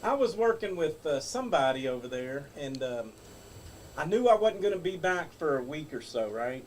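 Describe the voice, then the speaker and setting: A man with a Southern US accent rambles through his stories in relaxed chat, laughing easily. His voice is high for a man and sounds set back from the microphone, with a faint hiss behind it. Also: moderate pace, distant mic, rough recording. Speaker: guest, former wrestler. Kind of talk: casual storytelling chat.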